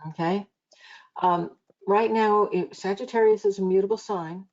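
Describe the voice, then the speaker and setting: A woman's voice: mid-range voice, fairly even intonation, moderate pace, darkish tone, highs cut off. A woman hosting a live online psychic reading show, talking in a chatty, rambling way with many restarts. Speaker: psychic reader and show host.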